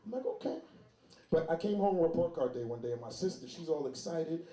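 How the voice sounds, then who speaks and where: A man doing a loud, animated stand-up comedy set, telling stories and shouting some bits. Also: a little high, fast. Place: comedy club stage. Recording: roomy club with crowd. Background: audience laughter.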